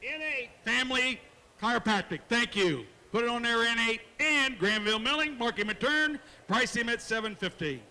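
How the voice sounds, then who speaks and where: Auctioneer, male, fast chant, folksy; high crisp voice carrying through a reverberant arena. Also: lively intonation, bright, forceful tone. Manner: rattles off bids in a fast rhythmic chant; folksy, jokes with bidders and kids. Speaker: livestock auctioneer. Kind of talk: rapid auction chant and announcements. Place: county fair show arena.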